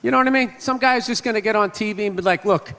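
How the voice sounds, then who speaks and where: A brash male comedian with a very high, sharp voice riffs profanely at the audience. His voice rings through a reverberant hall over faint crowd murmur and hiss. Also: rapid-fire. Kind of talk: stand-up routine.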